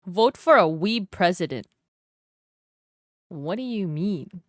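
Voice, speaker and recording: A woman from Canada talks casually to her stream viewers as she draws, tossing questions to her chat and laughing often. Her pitch swings widely and expressively. The sound is dry and close, with no room echo. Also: expressive, slow.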